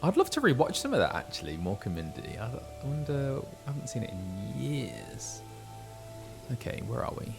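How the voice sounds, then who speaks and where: Man, casual gameplay chat, lively, gravelly, quick restarts. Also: mid-range voice, over music. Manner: chatty, animated, self-interrupting. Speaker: voice actor streaming a game.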